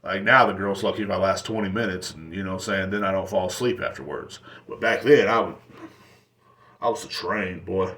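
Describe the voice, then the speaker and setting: Telling crude, meandering stories alone on his podcast, a young host keeps laughing at his own jokes. He talks briskly in a low, slightly bright voice.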